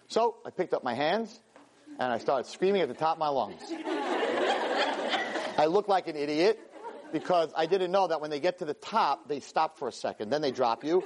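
A man, a rabbi and teacher, telling a story in a Torah class, animated and self-mocking, sprinkling in Hebrew and Yiddish words. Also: fairly high pitch, moderate pace, a crowd in the background, background noise.

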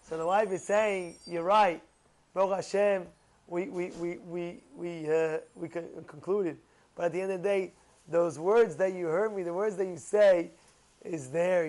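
A man giving an animated sermon, telling stories, repeating words and using Hebrew terms. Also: high-pitched. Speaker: rabbi giving a Torah talk.

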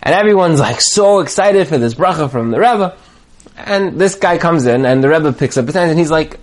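Man, storyteller, animated delivery, higher-pitched, very lively intonation. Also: moderate pace. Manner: lively, acts out dialogue voices.

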